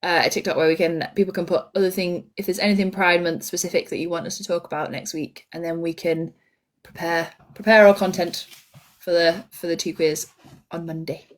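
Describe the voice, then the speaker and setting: A woman's voice: on the low side, steady tone, a little fast. A young woman co-hosting a live podcast stream, reading out listener comments in a giggly, easily amused way. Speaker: podcast co-host. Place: indoors at a shared table.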